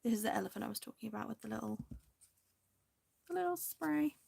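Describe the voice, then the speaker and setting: A woman hosting a crafting video, chatting casually and indecisively to viewers, now and then dropping into soft half-whispered asides. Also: on the high side, expressive, fast talker, vocal fry, slightly rough.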